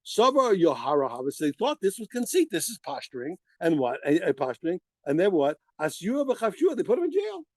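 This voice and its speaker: A man teaching a lively Talmud class to students, talking emphatically and firing off rhetorical questions. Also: high voice, fairly quick, hardly any pauses, dry recording.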